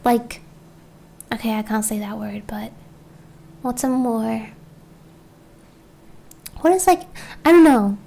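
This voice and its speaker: A woman's voice: fairly high pitch, expressive, takes it slowly, gravelly, long pauses, warm tone, a little hiss or hum. A woman co-hosting a casual livestream, talking in a rambling, self-deprecating way and trailing off mid-thought. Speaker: co-host and artist.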